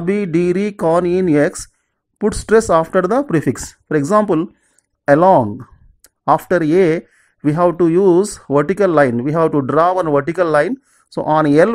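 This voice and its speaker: A teacher, giving an exam-prep lesson and repeating word lists slowly, with each example word said lower. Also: a little mellow. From southern India. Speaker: English teacher.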